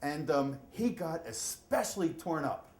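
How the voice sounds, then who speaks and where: A middle-aged man performs a story live at a storytelling event, his pitch swinging widely as he acts out the scenes. The voice carries an echoey room sound with faint ambience behind it. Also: unhurried, slight background noise. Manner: animated, acts out shouts and voices.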